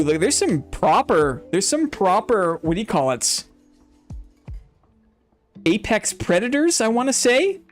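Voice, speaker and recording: On a live game stream, a man with a somewhat high, slightly mellow voice playfully teases his chat. He calls in-game fights like an announcer, building hype the way a fight announcer would.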